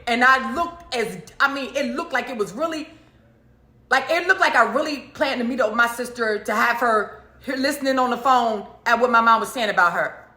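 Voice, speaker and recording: A woman preacher telling a personal story in an emphatic, animated way, repeating phrases for effect. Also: a little high, reverberant. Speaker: prophetess and preacher. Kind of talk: casual storytelling monologue.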